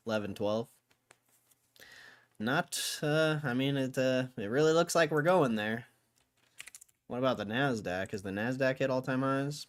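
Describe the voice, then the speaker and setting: A young man from Connecticut hosting a livestream, reading headlines and making wry, offhand comments in casual chat. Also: lowish voice. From Connecticut, USA. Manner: laid-back, wry, offhand remarks. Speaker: livestream host.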